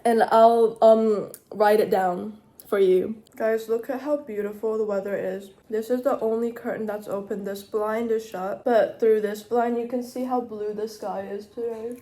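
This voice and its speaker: Young female vlogger, slightly high, chatty and tired, casual kitchen narration. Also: steady tone, measured pace, hardly any pauses, warm tone. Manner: chatty, talks to viewers while cooking and eating. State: sleep deprived, slurring slightly. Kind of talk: casual cooking vlog narration.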